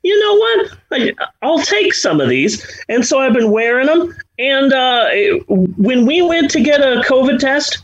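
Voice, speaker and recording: A man's voice: extremely high pitch, big pitch swings, unhurried, few pauses, dull audio. A middle-aged man hosting a podcast, chatting casually in a rambling, self-deprecating way with many restarts. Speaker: podcast host. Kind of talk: casual chat.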